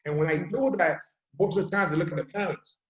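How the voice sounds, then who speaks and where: A man with a fairly high voice tells stories with energy and acts out what people say. He talks in a room with a lot of echo. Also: fast talker. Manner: animated storyteller, acts out quotes. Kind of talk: casual video chat. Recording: echoey room.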